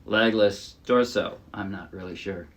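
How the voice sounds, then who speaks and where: A man's voice: fairly low pitch, a little slow. A man casually teaching ukulele, chatty and demonstrative, often correcting himself mid-sentence. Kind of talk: casual tutorial talk. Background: ukulele playing.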